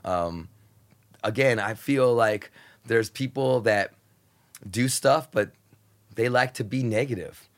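A man in casual podcast talk, excitable and profane, rambling with many restarts. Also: mid-range voice, slow pace, pauses often. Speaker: radio host guest.

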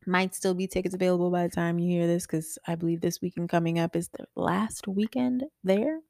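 Woman, 30s, podcast co-host; low fry-tinged voice, dry close mic, animated storyteller who plays out quotes. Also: a little fast, no echo. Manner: animated, acts out quotes with big pitch jumps, laughs often. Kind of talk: casual chat.

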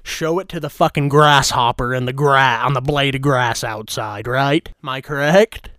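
A man's voice: medium pitch, moderate pace, fairly bright tone, clear, resonant tone, no echo. Profane mock-angry male podcast host. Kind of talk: crude comedic rant.

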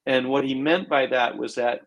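A man's voice: mid-range voice, fairly even intonation, moderate pace, poor audio. A man co-hosting a coaching podcast in casual chat, rambling with lots of "um" and "you know". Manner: rambling, many fillers and restarts. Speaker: swim coach, podcast co-host.

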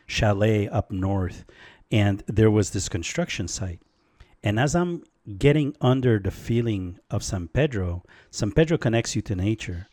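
A low-voiced man tells a story in an animated, laid-back way, filling his talk with "man" and "like". He is recorded close on a dry mic. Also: dry recording. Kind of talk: casual storytelling chat.

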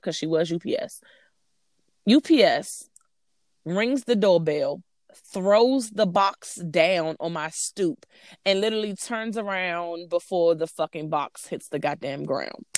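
A woman in her thirties chatting casually as a co-host, ranting with lots of swearing and animated outbursts. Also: mid-range voice, slow pace, dry recording, clean studio sound. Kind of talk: casual chat.

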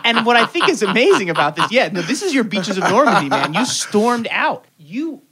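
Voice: mid-range voice, sing-song, fast talker, bright, forceful tone, slightly rough. Podcast host reacting and riffing. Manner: reactive, exclaims, riffs with jokes. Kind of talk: casual interview chat.

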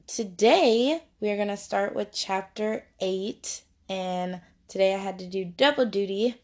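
A woman's voice: mid-range voice, vocal fry, a little mellow. A young woman leading a casual Bible study lesson, chatty and upbeat, laughing often and slipping into playful voices.

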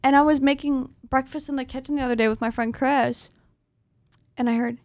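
A young woman co-hosting a casual podcast, telling a spooky story in an animated way and swearing freely. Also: high voice, fairly quick, dry recording. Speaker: podcast co-host.

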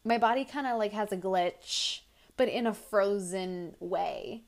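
A woman's voice: mid-range voice, measured pace, vocal fry. A young woman hosting her own podcast, telling casual stories full of fillers and restarts. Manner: rambling, animated storytelling with filler words. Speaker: podcast host. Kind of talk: casual solo podcast chat.

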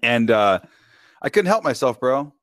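A man's voice: mid-range voice, very animated, a little slow, a bit bright, no echo, clean studio sound. A man, a podcast guest, telling a story in casual chat, talking in slang and keeps asking "you know what I mean".

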